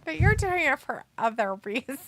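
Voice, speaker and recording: A woman co-hosts a laid-back watch-along, teasing her partner and reading viewer comments aloud. Her voice sits high and bright. The sound is dry and close. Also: big pitch swings, normal speed, no echo. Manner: giggly, teasing.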